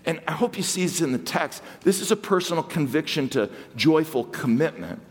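A man preaching a sermon as guest preacher, swinging between excited exclamations and hushed asides. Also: on the high side, brisk, slightly rough. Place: church sanctuary. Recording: long hall reverb.

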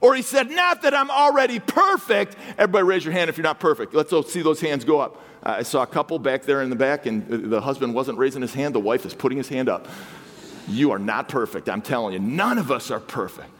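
A man preaching a sermon as a guest pastor, shifting between loud, emphatic lines and low, intimate asides. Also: quick pace. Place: church sanctuary. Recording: long hall reverb.

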